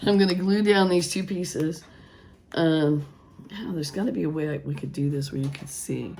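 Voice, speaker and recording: Hoarse low-voiced woman. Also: moderate pace, dark tone, slight background noise. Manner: rambling, thinking aloud with restarts; earnest preaching about faith. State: hoarse, voice still gone after illness. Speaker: craft vlogger. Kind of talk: casual craft vlog talk.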